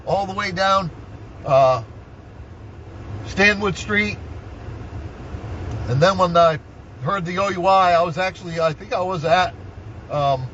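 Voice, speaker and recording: An older man with a high voice rants heatedly, swearing and throwing out "right?" again and again. He speaks from inside a vehicle, and the recording sounds dull and lo-fi under a faint hiss. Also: a bit bright. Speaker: vlogger. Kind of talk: angry personal rant.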